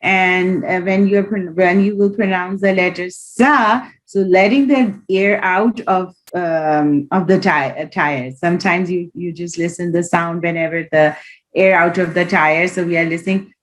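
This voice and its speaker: A woman's voice: on the low side, fairly even intonation, measured pace, rough recording. A woman teaching Quran reading in an online class, patiently demonstrating each letter sound aloud over a video call.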